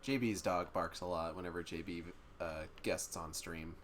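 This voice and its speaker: A man streaming a game, chatting casually and excitably, now and then slipping into silly voices. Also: low voice, normal speed, background noise. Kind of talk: casual gameplay chat.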